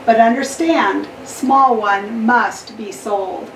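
A woman voicing a stern but loving father in a storybook reading, slow and measured. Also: fairly high pitch, roomy sound, far from the mic, background noise.

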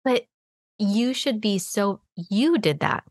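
A woman's voice: medium pitch, animated, slow, no echo. A woman hosting an interview podcast, encouraging and affirming her guest. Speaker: podcast host and spa marketing coach.

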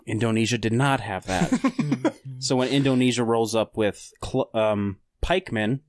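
A man's voice: mid-range voice, unhurried, no echo. A man, telling a game story in casual podcast chat and acting out other players' lines. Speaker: podcast host.

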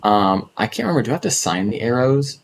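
A man's voice: mid-range voice, very animated, quick pace, creaky, slight background noise. A man from North America giving casual commentary as he streams a survival game, chatting to himself and to the creatures and often repeating words. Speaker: gaming streamer.

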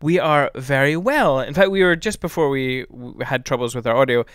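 A man's voice: mid-range voice, moderate pace, fairly bright tone, smooth, no room sound, studio quality. A man hosting a podcast, friendly and a little hesitant, often repeating words. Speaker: podcast host. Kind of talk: casual podcast chat.

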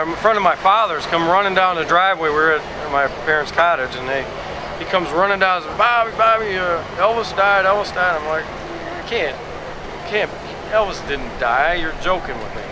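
A man's voice: a little high, background noise. A man being interviewed, telling a story with animation and acting out what others said. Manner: acts out quoted voices.

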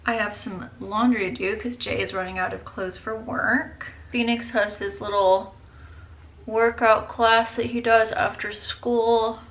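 A woman's voice: a little high, fairly even intonation, a little slow, a bit bright. A woman in her thirties with a headache, chatting to viewers while doing her makeup, full of "like" and "you guys.". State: tired, with a headache. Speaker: beauty vlogger.

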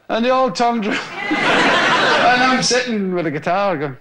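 A man's voice: high voice, lively intonation, moderate pace, long pauses, crowd noise. A Scottish man in his forties, a stand-up comedian telling stories to a live audience and laughing as he acts out the scenes. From Scotland. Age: 40s. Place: TV studio with an audience. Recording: noisy old TV recording.

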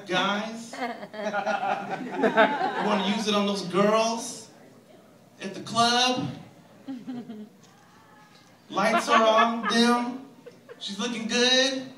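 High-voiced man doing stand-up in a roomy club. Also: slow pace, pauses often. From Texas. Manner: animated, acts out characters in loud bursts. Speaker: stand-up comedian. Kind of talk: stand-up comedy set. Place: comedy club stage. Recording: roomy club sound, mic at a distance, loud crowd.

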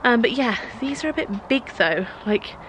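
A woman's voice: on the high side, lively intonation, normal speed, fairly bright tone, a little hiss or hum, poor audio. A woman chatting casually in her vlog, rambling and poking fun at herself. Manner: chatty, rambling, self-deprecating. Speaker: vlogger.

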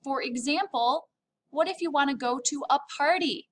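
A woman's voice: sits high, normal speed, slight background noise. An upbeat, playful woman teaching a recorded French lesson, drawing out words to model pronunciation.

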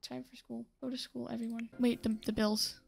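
A woman's voice: fairly high pitch, flat delivery, normal speed, gravelly. A young woman hosting a gaming channel, chatting casually through her gameplay and talking to the characters on screen. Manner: chatty, talks to the game characters, scolds them.

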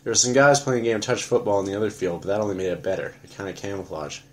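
A man narrating an audiobook in a flat, matter-of-fact first-person telling. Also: fairly low pitch, rapid-fire.

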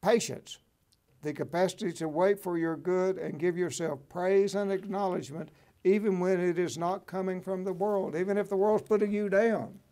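A man with a slightly high, warm voice hosts a motivational talk show, reading passages from a book and then preaching on them. His intonation is fairly even and his pace normal, and he's encouraging and folksy, checking in with listeners through asides like "right?" and "okay?".

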